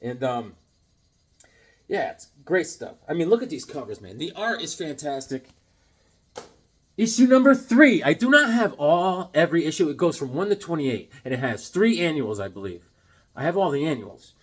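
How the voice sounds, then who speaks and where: Lively, husky-voiced man rambling excitedly. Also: on the high side, moderate pace. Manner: animated and excitable, self-deprecating, rambling asides. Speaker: comic collector showing his collection. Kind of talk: casual show-and-tell vlog.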